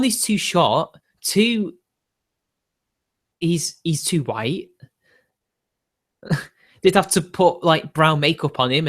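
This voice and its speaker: A man rambles through viewer questions on a casual livestream. His voice sits a little higher than most men's, and he laughs often between his blunt, opinionated remarks. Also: fairly bright tone. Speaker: streamer.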